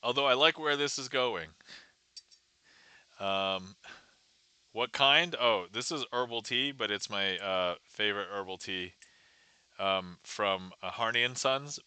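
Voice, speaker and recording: Streamer host, male, lower-pitched with a very bright, crisp tone; chatty, greets viewers by name. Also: measured pace, no echo. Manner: chatty, greets viewers and reads chat aloud. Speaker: livestream magician. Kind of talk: casual livestream chat.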